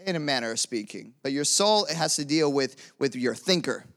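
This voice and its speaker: A young man preaching a lively sermon, calling out to the congregation and asking them to repeat after him. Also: fairly high pitch, fairly quick. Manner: energetic call-and-response preaching.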